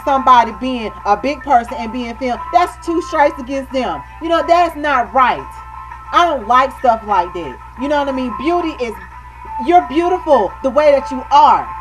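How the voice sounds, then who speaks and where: A high-pitched woman vlogger speaks straight to her viewers in a heated, emphatic rant. She keeps checking in with "you know what I mean" and calls her audience baby. Loud music plays behind her voice. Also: low-quality recording. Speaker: video blogger. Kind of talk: impassioned webcam rant.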